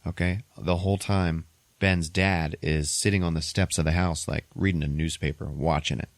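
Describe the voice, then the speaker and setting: A low-voiced man casually recaps a movie for his podcast, telling it profanely and with lots of energy. His voice sits dry and close on the mic. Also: normal speed, gravelly, no echo. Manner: profane, animated storytelling. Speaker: podcast host.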